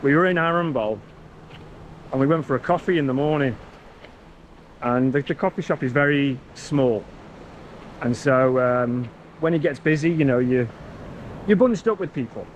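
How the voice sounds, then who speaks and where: Walking outdoors on a beach, an English travel vlogger with a Warrington accent from northern England tells self-deprecating stories in a casual vlog chat. His voice is a little high, and the muffled recording carries slight background noise.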